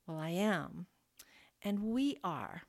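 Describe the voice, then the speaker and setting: A woman's voice: fairly low pitch, very animated, slow pace, vocal fry. A woman co-hosting a marriage podcast, reading in an earnest, passionate way. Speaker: podcast co-host.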